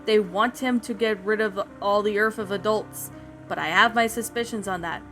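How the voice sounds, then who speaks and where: A woman's voice: mid-range voice, normal speed, faint music behind, close to an everyday voice. A woman voicing a serious, grim teenage boy who leads a secret team. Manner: grim, calm, planning.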